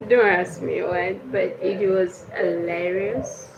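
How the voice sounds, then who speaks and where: A woman's voice: lowish voice, little pitch movement, slow, few pauses. Young lady chatting on her livestream, laughy storyteller, roomy echo and noisy background. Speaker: livestream host. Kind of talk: casual livestream chat. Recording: echoey room with clear background noise.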